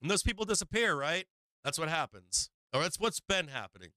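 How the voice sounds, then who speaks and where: A man's voice: on the high side, sing-song, brisk, sharp tone, no room sound. A man hosting a live stock market stream, talking bluntly in casual commentary full of swearing and restarts, often laughing. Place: home live-stream setup.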